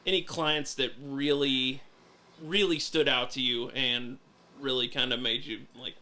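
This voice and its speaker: A man hosting a podcast who asks rambling, halting questions in a casual chat. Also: mid-range voice, fairly even intonation, bright, forceful tone. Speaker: podcast host.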